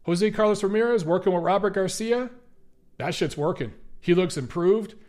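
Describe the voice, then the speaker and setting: Male host, high voice, casual profane commentary with Q&A. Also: moderate pace, darkish tone. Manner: blunt, profane, chatty. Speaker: boxing show host.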